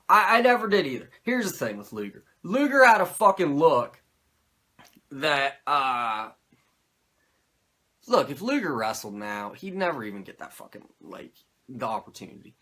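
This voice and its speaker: A man hosting a podcast, recapping an old wrestling show in a profane, animated, rambling way. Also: fairly high pitch, moderate pace. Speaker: podcast host.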